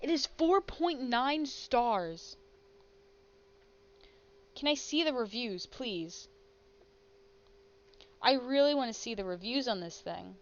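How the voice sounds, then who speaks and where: Excitable woman streamer, lo-fi audio. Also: a little high, takes it slowly, long pauses. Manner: excitable, laughs and sighs between lines. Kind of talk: casual game commentary.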